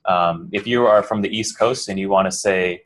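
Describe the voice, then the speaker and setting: A man from New Jersey teaches a coding bootcamp class in American English, his low, fairly bright voice moving at a moderate pace. The lecture is relaxed and rambling, with filler words, restarted sentences, and questions aimed at students.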